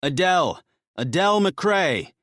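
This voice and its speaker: A man voicing a desperate husband who shouts frantically for his wife through a barricade. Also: sits high, very animated, unhurried, dry recording, studio quality, pitched above the performer's own voice, heavily acted. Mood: frantic shouting.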